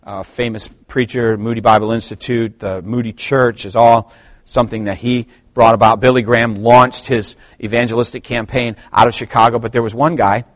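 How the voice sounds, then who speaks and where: A middle-aged man preaching a sermon to his church, swinging from quiet asides to loud, emphatic passages. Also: fairly low pitch, no echo. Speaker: pastor.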